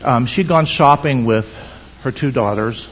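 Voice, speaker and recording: A man's voice: medium pitch, measured pace, slightly rough. A man preaching a sermon in an earnest, storytelling manner with many rhetorical questions. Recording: dull sound in echoey hall.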